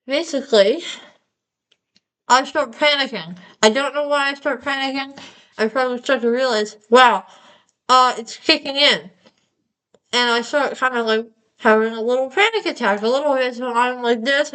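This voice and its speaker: A woman's voice: on the high side, fairly bright tone, poor audio. A young woman vlogging casually with a numb mouth after dental surgery, rambling and self-mocking. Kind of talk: casual vlog monologue.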